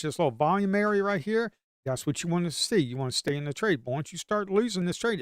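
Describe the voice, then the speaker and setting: A man giving casual live commentary as he trades, excitable and slangy, swinging from low muttering to loud hype. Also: clean tone, dry recording, studio quality. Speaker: live-stream day trader.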